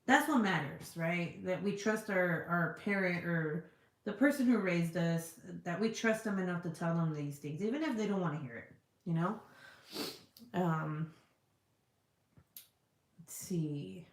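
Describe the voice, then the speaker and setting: A middle-aged woman talks in a low-set voice, reading out viewer comments in loose, rambling chat. She leans on "like" and swears freely. The room gives her voice a noticeable echo. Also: unhurried, long pauses. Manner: chatty, swears freely, lots of "like" fillers. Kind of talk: casual chat. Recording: echoey room.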